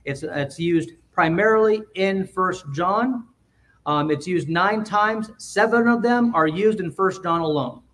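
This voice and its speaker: A man's voice: high voice, measured pace, a bit bright, far from the mic. A male pastor giving an explanatory sermon in a church, restarting phrases and putting questions to his congregation. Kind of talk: expository sermon. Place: church sanctuary.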